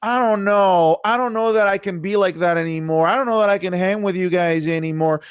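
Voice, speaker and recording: A man with a notably high voice co-hosts a casual wrestling chat, recorded dry and close. He talks with animated confidence, mocks with impressions and swears freely. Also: moderate pace, few pauses, clear, resonant tone, no room sound. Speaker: co-host and wrestling commentator.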